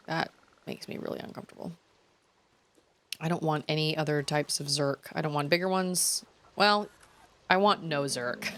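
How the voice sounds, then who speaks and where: Chatty, lowish-voiced woman streamer. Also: fairly even intonation, normal speed. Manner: chatty, self-deprecating, trailing off. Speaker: game streamer. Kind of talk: casual let's-play commentary.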